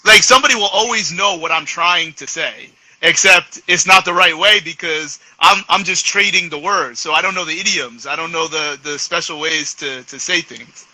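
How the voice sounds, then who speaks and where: A middle-aged man with a New York accent hosting a casual live chat, talking haltingly with many restarts and slipping into Spanish. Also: fairly high pitch, bright, forceful tone, dry recording, low-quality recording. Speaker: host.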